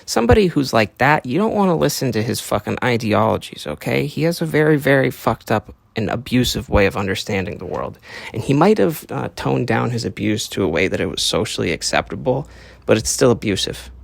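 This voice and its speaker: Gravelly, profane young podcast host. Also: male voice, medium pitch, big pitch swings, brisk, no echo. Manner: profane, rambling, earnest lecturing. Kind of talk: casual solo monologue.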